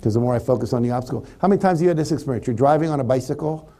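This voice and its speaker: With a mellow mid-range voice and rapid-fire delivery, this man, a motivational speaker living in California, addresses a live seminar audience conversationally, acting out sample thoughts throughout.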